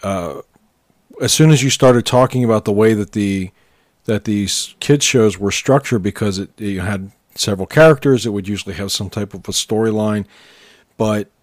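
A man's voice: lowish voice, moderate pace, dry recording, clean studio sound. A man in his fifties co-hosting a podcast in casual chat, easygoing and thinking aloud. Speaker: podcast co-host.

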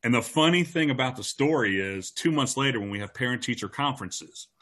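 A man's voice: medium pitch, brisk. A man, a teacher, telling a story from his teaching days in a casual chat, acting out the voices of the people in it. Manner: animated anecdote teller who acts out quoted voices.

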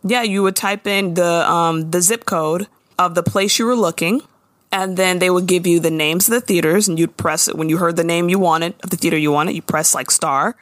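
A woman's voice: fairly low pitch, no room sound. Woman chatting on a dry-mic podcast. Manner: animated, laughing, slangy storyteller. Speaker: podcast co-host. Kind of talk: casual recap chat.

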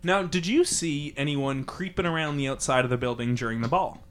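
A man's voice: a little high, brisk, lightly acted. A man improvising a questioner probing a death at a party, asking wry follow-up questions in a comedy podcast. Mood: curious.

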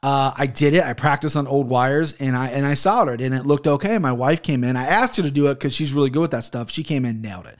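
A man's voice: mid-range voice, quick pace, hardly any pauses. A man hosting his own podcast from a home studio office, ranting heatedly and swearing often. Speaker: podcast host. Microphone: studio mic on an arm.

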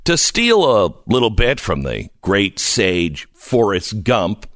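A man hosting a radio talk show, ranting with mocking jumps into a high squeaky voice. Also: wildly swooping pitch, slow, fairly bright tone, dry recording, studio quality. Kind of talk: opinionated radio monologue. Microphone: studio microphone.

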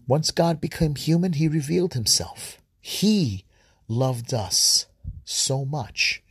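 Earnest husky-voiced man preaching. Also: mid-range voice, no room sound, clean studio sound. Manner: earnest, repetitive, halting with many restarts. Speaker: podcast preacher. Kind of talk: informal spoken reflection and prayer.

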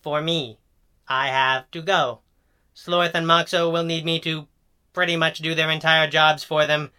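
A man's voice: fairly high pitch, flat delivery, a little slow, pushed and bright, smooth, pitched above the performer's own voice. A man voicing a small, dry, sardonic robot who sticks to the rules. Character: small grumpy rule-bound male robot on wheels.

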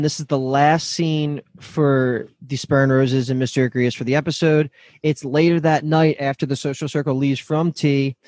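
A man's voice: mid-range voice, a little mellow, no echo. A man hosting a casual podcast chat, recapping a TV episode scene by scene with small restarts.

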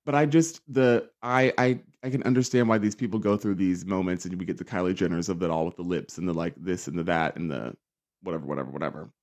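Sassy campy man gossiping solo. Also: a little mellow. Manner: sassy, campy, dramatic, mimics people in swooping high voices. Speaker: podcast host. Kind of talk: casual solo pop culture chat.

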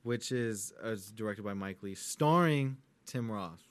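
A man chatting casually as a co-host, rambling and excitable, often trailing off while searching for words and swearing easily. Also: on the low side, a little slow. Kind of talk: casual chat.

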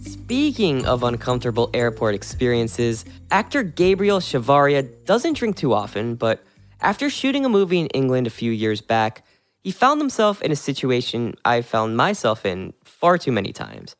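A man's voice: mid-range voice, wildly swooping pitch, normal speed, faint music behind. A male host giving a scripted introduction with dry, joking asides.

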